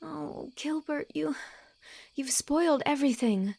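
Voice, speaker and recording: A woman's voice: high voice, unhurried, creaky, dark tone, voice pushed up. A woman reading the lines of an earnest, dreamy young student in an audiobook, her delivery emotional and often pleading. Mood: distressed.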